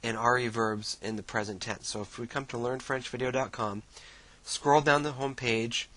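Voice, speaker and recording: Man teaching casually with a bright voice. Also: medium pitch, normal speed, no echo, rough recording. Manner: casual, relaxed teaching with many fillers and restarts. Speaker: language teacher. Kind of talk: screen-share tutorial explanation.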